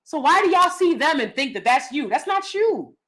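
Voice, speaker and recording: A woman's voice: sits high, big pitch swings, moderate pace, a bit bright. A woman, hosting a casual opinionated livestream, blunt and sassy, laughing often. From United States. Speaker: livestream host reading chat.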